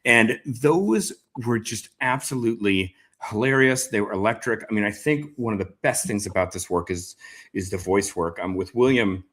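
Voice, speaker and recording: Guy interviewing a writer, low voice, kinda rambly and thoughtful. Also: normal speed, fairly bright tone, slightly rough. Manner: thoughtful, rambling, frequent fillers. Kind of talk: casual conversational interview.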